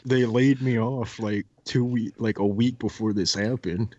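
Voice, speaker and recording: A man's voice: on the low side, steady tone, a little slow, a little mellow, no echo, lo-fi sound. A young man guesting on a podcast, telling casual stories and acting out his old coworkers. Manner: laid-back storyteller, acts out coworkers with laughs. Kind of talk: casual chat, storytelling.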